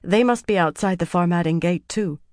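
Commanding young royal heir in an audiobook, brisk orders, a touch higher than the reader's own tone, as the narrator puts her on. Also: no echo, studio quality, lightly acted. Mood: urgent. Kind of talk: audiobook character voice.

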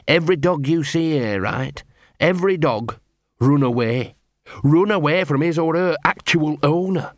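A man's voice: fairly high pitch, expressive, a little slow, no room sound, voice pushed up. A man voicing a small scruffy male street dog who talks in an anxious, miserable, whiny way. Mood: fretful.

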